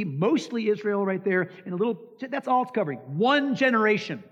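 Here a man preaches as a pastor, his high voice slightly bright and a touch rough. Emphatic throughout, he quizzes the congregation rhetorically and acts out quoted lines, while the lo-fi recording sounds dull and echoes with long hall reverb.

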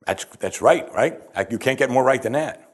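A man's voice: mid-range voice, lively intonation, moderate pace. A man preaching an expository sermon, conversational and emphatic, often asking his listeners questions. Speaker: pastor.

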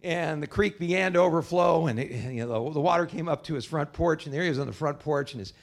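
A male pastor preaching a sermon, telling stories with acted-out characters, then praying slowly and earnestly. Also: fairly high pitch, gravelly. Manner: animated storyteller, acts out characters in jokes; soft, slow earnest prayer. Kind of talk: sermon with storytelling and prayer.

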